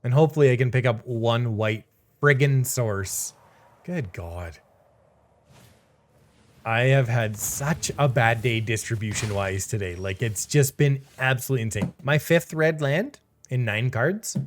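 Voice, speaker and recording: A man's voice: medium pitch, unhurried, a little hiss or hum. A man commenting casually on his own card game, sarcastic and exasperated, laughing in disbelief. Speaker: streamer playing a card game.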